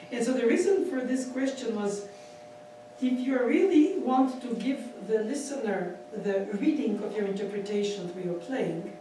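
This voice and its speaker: Male piano teacher, animated masterclass delivery, boomy hall sound. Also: measured pace, a little hiss or hum. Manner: animated, laughing, counts beats aloud. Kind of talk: masterclass instruction. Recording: echoey hall from far off, piano. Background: piano playing.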